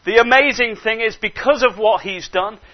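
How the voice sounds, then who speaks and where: A male preacher with a high voice delivers a sermon at normal speed, sinking into hushed asides and then climbing into emphatic exhortation. He stays animated throughout, though the recording is dull and lo-fi.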